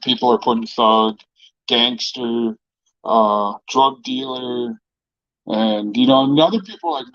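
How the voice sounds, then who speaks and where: A man's voice: medium pitch, big pitch swings, a little slow, vocal fry, fairly bright tone, dry recording, dull audio. A man in casual storytelling mode, rambling with lots of fillers and frequent swearing, talking about his own run-ins. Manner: laid-back, profane, rambling with many fillers. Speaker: restaurant owner and vlogger.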